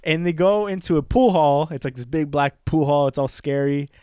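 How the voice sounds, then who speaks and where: A young man co-hosting a casual comedy podcast, telling stories in an animated way and laughing often as he acts out movie lines. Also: a little high, normal speed, clear, resonant tone. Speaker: podcast co-host.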